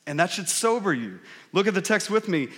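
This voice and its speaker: A man's voice: high-pitched, sing-song, a little fast, fairly bright tone. A male pastor preaching a sermon in a conversational, earnest way, asking the congregation frequent rhetorical questions. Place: church sanctuary. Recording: reverberant hall.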